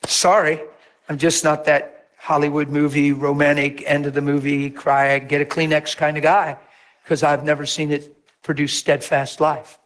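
A man preaching as a pastor, telling stories with lively acted-out voices and sudden drops to a near whisper. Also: moderate pace. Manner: animated storytelling, acts out voices with big pitch jumps. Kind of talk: sermon.

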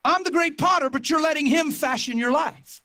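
A man with a noticeably high voice preaches to his congregation, recounting his own story with fervent energy. His delivery swells from quiet reflection into near-shouted emphasis. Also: normal speed. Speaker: pastor. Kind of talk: sermon testimony.

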